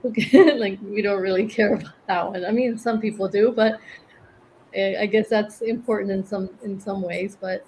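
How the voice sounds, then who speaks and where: A middle-aged woman from Venezuela talks through an interview in a gentle, reflective manner. Her pitch sits at an ordinary middle height. A light background hiss runs under her voice. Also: steady tone, moderate pace, low-quality recording. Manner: reflective, gentle, laughs often. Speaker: guest, cancer survivor and author. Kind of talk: interview conversation.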